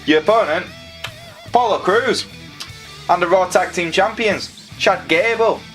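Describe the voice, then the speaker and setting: A man's voice: sits high, unhurried, fairly bright tone, faint music behind, pitched above the performer's own voice. Man doing a gloating Yorkshire wrestling boss. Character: brash male wrestling boss, mocking impression.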